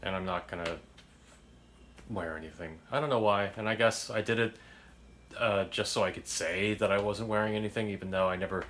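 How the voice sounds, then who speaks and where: A man in his thirties casually commenting on his old videos, rambling and self-conscious with halting restarts. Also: on the low side, fairly even intonation, fairly bright tone.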